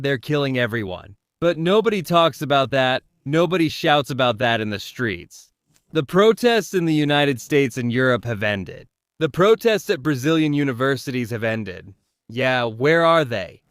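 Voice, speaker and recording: A man's voice: mid-range voice, fairly bright tone, clear, resonant tone, no room sound, studio quality. A man commentating on the news in a live stream, firing off rhetorical questions and greeting viewers in the chat.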